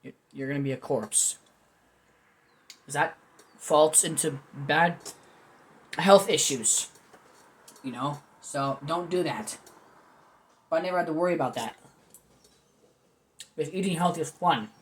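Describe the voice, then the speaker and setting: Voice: mid-range voice, a little slow, long pauses, slight background noise. A young adult vlog host rambling through a casual food video with jokey, self-mocking commentary.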